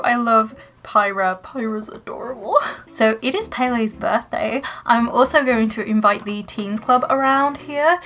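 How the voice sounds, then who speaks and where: A woman's voice: on the high side, fairly bright tone. A young woman giving chatty, emotional commentary over gameplay, gasping and exclaiming as she plays. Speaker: Sims let's play creator.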